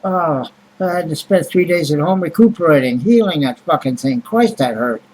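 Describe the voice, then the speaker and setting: A man's voice: on the high side, normal speed, darkish tone, breathy edge, rough recording. A man vlogging in a rambling, casual monologue, blunt and grumbling, with heavy swearing and many fillers.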